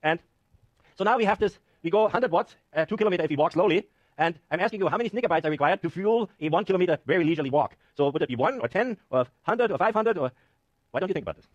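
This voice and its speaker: In a lecture hall, a professor delivers a university lecture with a live demo, joking with and ribbing his class over the numbers in an animated, self-mocking way. He talks very fast in a high voice. The audio is dry, with the highs cut off.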